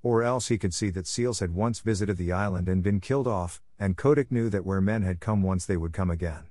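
A man reading a classic story aloud as narration, in a measured, clear way for listeners learning English. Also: sits low, dark tone, dry recording, clean studio sound. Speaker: audiobook reader.

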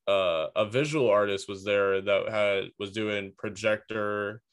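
A man's voice: fairly low pitch, unhurried, clean tone. A young man telling a work story in a casual podcast chat, rambling and full of filler words. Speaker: podcast co-host.

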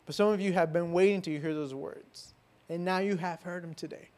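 High-voiced man preaching with emphasis. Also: steady tone, a little fast. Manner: emphatic preaching with rhetorical questions and repetition; swings between loud declarations and soft, hushed lines. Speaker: pastor. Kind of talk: sermon.

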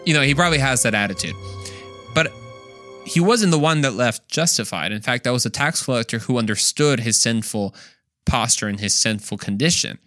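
A man's voice: medium pitch, animated, a little fast, sharp tone, dry recording, soft background music. Male podcast Bible teacher: earnest, emphatic, self-mocking asides, dry close sound. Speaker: Bible study podcast host.

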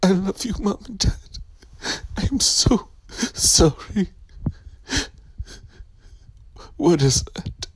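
A woman's voice: mid-range voice, voice pushed up, heavily acted, low-quality recording. A woman in a parked car voicing a terrified, tearful young woman lost in the woods, in a whispered role-play recorded on a phone. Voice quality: breathy, whispering, sobbing.

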